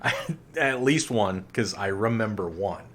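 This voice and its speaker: A man in his forties co-hosting a podcast in casual chat, animated, laughing a lot and going off on ranting asides. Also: lowish voice, measured pace, a crowd in the background. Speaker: podcast co-host.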